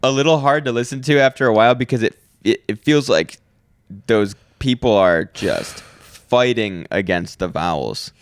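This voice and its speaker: A man's voice: mid-range voice, animated, normal speed, clean tone, no room sound, studio quality. A man co-hosting a podcast, chatting casually in an easygoing, rambling way and laughing often. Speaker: podcast co-host. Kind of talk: casual chat.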